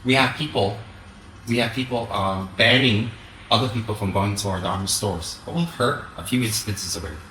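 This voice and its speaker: A man giving an animated Dharma talk as a Buddhist teacher, often mocking the voices of his critics. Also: fairly low pitch, normal speed, echoey room, a little hiss or hum, low-quality recording.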